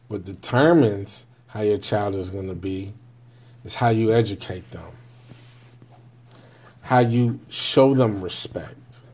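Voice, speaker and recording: A man's voice: lowish voice, slow, long pauses, darkish tone. A man in his forties telling a candid story about raising his children, bluntly and with frequent checks on whether the listener follows. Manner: blunt, candid storytelling with constant "right?" check-ins and profanity. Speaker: father sharing parenting views. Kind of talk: casual monologue to camera.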